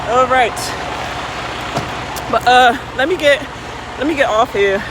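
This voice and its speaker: A female truck driver chats casually with her livestream audience through her phone, standing outdoors by her rig after dark. She's silly and playful, responding to what viewers type, and her high voice comes at a slow pace. Some faint outdoor vehicle sounds can be heard.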